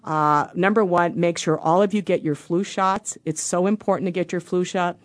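A woman's voice: fairly low pitch, normal speed. A woman in her fifties, a doctor hosting a radio show, telling a story in a studio and acting out the quotes. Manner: animated, acts out the quotes she tells. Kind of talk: casual storytelling monologue.

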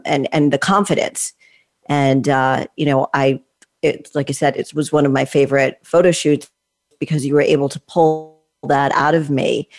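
A woman's voice: sits low, a little mellow. A woman in her sixties hosting an interview, talkative and enthusiastic, asking leading questions. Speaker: interview host. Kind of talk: conversational interview.

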